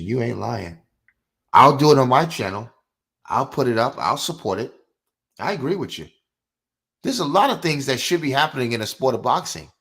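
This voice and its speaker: A middle-aged man hosting a live boxing podcast, ranting with fiery, profane outbursts that drop into low mutters. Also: gravelly, a bit bright. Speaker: podcast host. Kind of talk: live-stream boxing rant.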